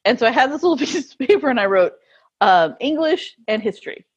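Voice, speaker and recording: A woman's voice: fairly high pitch, animated, a little fast, slightly rough. A woman telling stories in a casual interview, laughing often as she talks. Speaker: guest.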